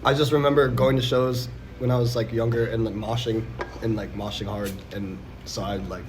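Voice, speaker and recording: A man's voice: mid-range voice, little pitch movement, normal speed, background noise. A young man in a band, talking casually in a laid-back way. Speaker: band member. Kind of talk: casual interview chat.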